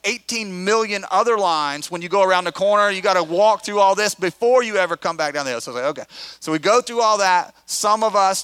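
A middle-aged pastor tells a story to his listeners, animated and conversational, acting out the quotes as he goes. His voice is bright and crisp, fairly high for a man. The sound is dry and close. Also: no echo. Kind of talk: storytelling sermon.

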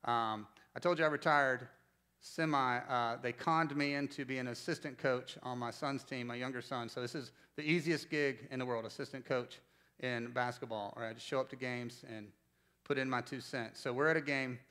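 A man's voice: medium pitch, moderate pace. A man in his forties from North Carolina preaching a sermon as pastor, telling stories conversationally and asking the congregation questions. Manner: conversational storytelling, animated, asks the congregation questions.

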